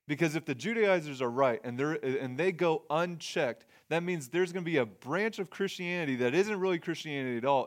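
Man preaching a conversational sermon. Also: a little high. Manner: conversational, restarts phrases, explains scripture plainly. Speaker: pastor.

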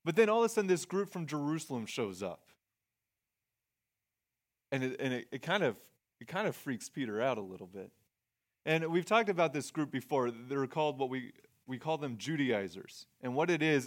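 A man preaching a sermon in a conversational way, reading scripture and explaining it plainly, often restarting his phrases. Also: medium pitch. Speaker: pastor.

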